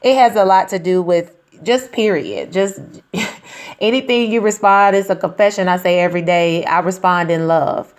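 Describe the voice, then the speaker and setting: Soft-spoken woman host, lower voice. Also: moderate pace. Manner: reflective, soft-spoken, laughs lightly. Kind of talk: conversational interview.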